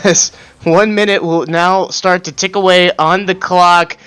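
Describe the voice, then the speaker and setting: A man's voice: high voice, steady tone, measured pace, fairly bright tone, clear, resonant tone. A man doing color commentary on an esports match, cracking puns and laughing often.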